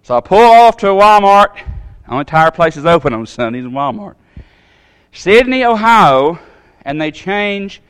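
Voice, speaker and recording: A man tells a personal story from the pulpit. His delivery is folksy and animated, swinging from quiet asides to sudden high bursts. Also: measured pace, smooth. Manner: folksy, animated storytelling with big pitch jumps. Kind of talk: storytelling sermon.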